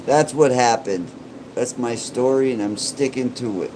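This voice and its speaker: A man's voice: medium pitch, measured pace, background noise. A man who is a paranormal YouTuber, joking and rambling in casual vlog chat.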